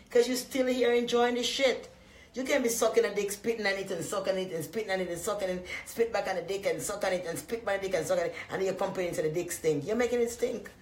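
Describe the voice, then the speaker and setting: A Jamaican woman hosts a live stream, rambling loudly and profanely to her viewers. Her voice sits at an ordinary middle pitch. The room around her is echoey. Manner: profane, loud and animated with frequent laughs. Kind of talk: casual rambling chat to viewers.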